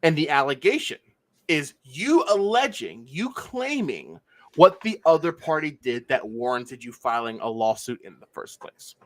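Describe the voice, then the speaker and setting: A man's voice: a little high, big pitch swings, a little slow, a bit bright, no room sound. A man from Pennsylvania hosting a casual livestream, walking through a legal filing and skipping the boilerplate. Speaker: livestream host.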